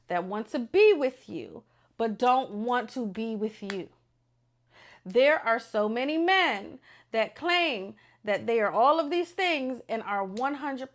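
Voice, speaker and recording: A young adult woman hosting a podcast, talking unscripted in a blunt, animated and profane way. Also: a little high. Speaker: podcast host.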